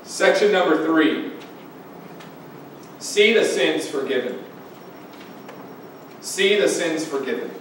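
A man's voice: fairly high pitch, animated, takes it slowly, pauses often, fairly bright tone. A male pastor preaching a sermon, building emphasis and putting direct questions to the congregation. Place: church sanctuary. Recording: very echoey church hall from far off, faint noise.

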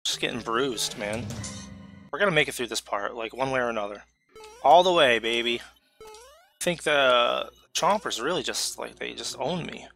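A man giving live commentary while playing a video game, excitable, talking to himself and letting out sudden yelps. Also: medium pitch, normal speed, vocal fry, faint music behind.

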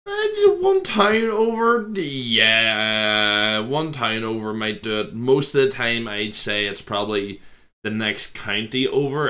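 Low-voiced Irish man reacting with laughs. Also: pushed and bright. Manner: laughs often, rambling, self-interrupting. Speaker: reaction video host. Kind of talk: casual reaction commentary. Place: home room.

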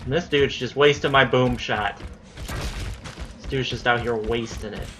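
A man's voice: medium pitch, fairly even intonation, a little slow. A young man giving live gameplay commentary, swearing and ranting when things go wrong. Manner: profane, easily riled, ranting. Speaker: gaming commentator. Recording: loud game noise behind voice. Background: gunfire and game sounds.

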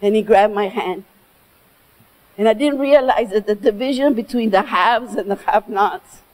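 High-voiced woman telling an emphatic story. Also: darkish tone, poor audio. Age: middle-aged. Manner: emphatic, mixes in Spanish phrases. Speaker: keynote speaker. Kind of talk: motivational keynote storytelling. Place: stage before an audience.

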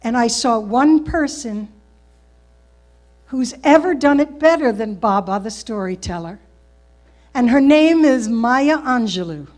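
A woman introducing a performer at an event in a measured, admiring way. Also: on the high side, expressive, a little mellow.

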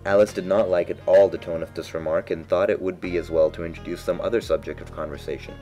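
Deep-voiced man reading a storybook. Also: steady tone, fast, dark tone, soft background music, poor audio. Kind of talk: storybook narration.

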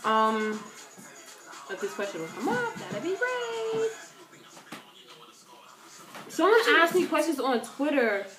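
A woman's voice: very animated, slow pace, pauses often, faint music behind. A teenage girl vlogging from her bedroom and answering fan questions in a chatty, joking way. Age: teens. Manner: chatty, joking, dramatic swings in loudness and pitch. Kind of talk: casual Q&A vlog talk. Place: bedroom at home.

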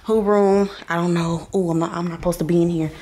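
A woman's voice: lowish voice, fairly even intonation, fast talker, warm tone, slight background noise. Chatty woman vlogger touring a house. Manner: chatty, addresses viewers as y'all. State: out of breath. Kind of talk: casual vlog house tour. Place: large rental house, indoors.

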